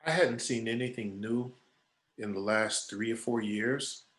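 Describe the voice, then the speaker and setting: Telling stories casually as a guest creative director, a man animatedly acts out what other people said during a storytelling Q&A. His mid-range voice keeps a measured pace, and the room is echoey.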